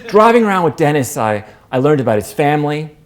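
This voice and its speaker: A man performing a staged storytelling monologue as a performance artist, expressive, with wide swings in pitch and pace. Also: brisk. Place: performance space.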